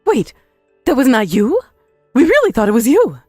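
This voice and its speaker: Woman doing a scheming older mother-in-law, shrill, indignant, voice a little high, wildly animated. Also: normal speed, no room sound, studio quality, soft background music, exaggerated voice. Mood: confused. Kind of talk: dramatized story voice acting.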